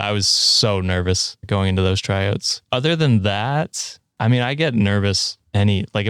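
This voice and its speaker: A man's voice: on the low side, clean tone, dry recording, clean studio sound. A man co-hosting a casual podcast who talks in a self-deprecating, rambling way and laughs often. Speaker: podcast co-host.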